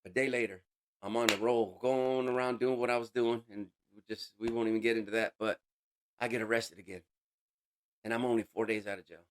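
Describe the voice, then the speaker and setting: A man giving an emotional personal testimony as an interview guest, halting and casual, with street slang. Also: on the low side, steady tone. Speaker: interview guest sharing a recovery story.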